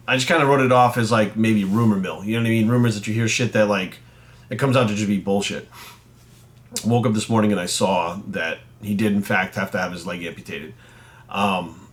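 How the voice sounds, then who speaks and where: With a voice on the low side and a bit bright, a bodybuilding coach and vlogger vents at the camera. The rant is blunt and profane, and his anger builds as he goes.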